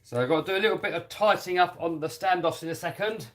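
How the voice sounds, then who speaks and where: A man's voice: high-pitched, fast, fairly bright tone. A man with a British accent chatting on a live stream while he works on a radio-controlled car, reading out viewer comments and laughing easily. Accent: British English. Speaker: RC hobby YouTuber reading live chat.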